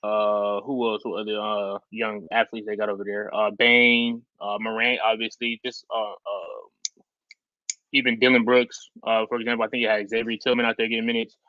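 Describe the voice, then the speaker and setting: A man co-hosting a casual basketball podcast, talking excitedly and rambling with lots of fillers. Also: lowish voice, normal speed, dry recording. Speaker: podcast co-host. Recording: dull lo-fi sound.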